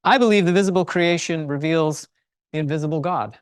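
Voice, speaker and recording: A middle-aged speaker giving a casual faith and science talk to a live audience at a university building, enthusiastic, chatty and quick to joke about themselves. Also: medium pitch, no echo. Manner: enthusiastic, chatty, self-deprecating humor. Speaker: chapel speaker and teacher.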